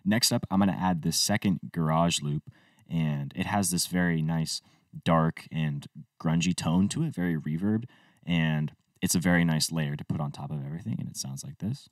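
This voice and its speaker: A man with a low voice walks through a music tutorial in an easygoing, step-by-step manner. The sound is dry, with little room to it. He sits a little back from the microphone. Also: normal speed, no room sound, far from the mic. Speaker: music producer teaching a tutorial. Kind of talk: screen-recorded tutorial walkthrough.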